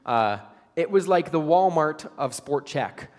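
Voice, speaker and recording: A man's voice: a little high, expressive, a little slow. A young man telling a personal story as part of a sermon, earnest and self-deprecating, as a pastor to his congregation. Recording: long reverb of a large hall.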